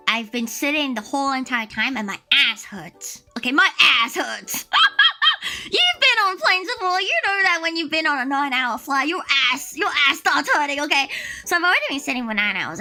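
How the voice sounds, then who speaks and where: A young woman with a high, bright voice chatters through a story on her livestream. Her delivery swoops all over the place and is packed with fillers and exclamations. Soft music plays faintly under her talk. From Australia. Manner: animated, exclamatory, many fillers and bursts of laughter. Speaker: livestream host. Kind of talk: casual storytelling chat on a livestream.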